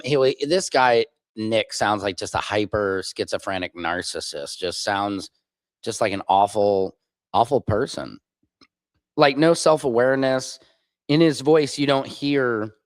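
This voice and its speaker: Male stream host, low voice, blunt opinionated reaction commentary, dry mic. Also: expressive, a little slow, no room sound.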